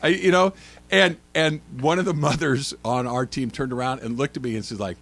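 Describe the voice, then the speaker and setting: A middle-aged man hosting a sports talk radio show, telling animated stories and acting out loud shouts. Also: medium pitch, a little fast, creaky, faint music behind. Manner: animated storytelling, mimics shouts. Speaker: radio host.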